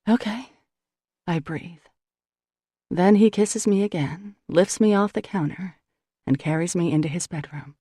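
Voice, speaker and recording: A woman narrating a novel in the first person, with intimate, measured storytelling recorded on a close studio mic. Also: on the low side, dark tone, husky, dry recording. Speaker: audiobook narrator.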